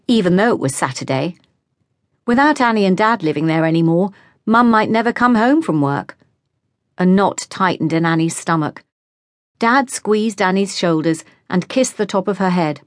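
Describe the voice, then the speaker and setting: A woman narrating a teen novel as an audiobook, reading at an even storytelling pace into a close studio mic. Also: on the low side, no room sound. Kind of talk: scripted narration.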